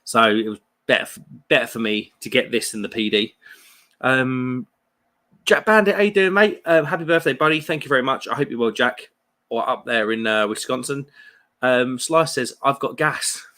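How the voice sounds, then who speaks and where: Here a man's medium-pitched voice has a sharp tone and moves at a normal speed. He's a British beer livestream host in his thirties, chatting casually, reading comments from viewers, and staying jokey and friendly.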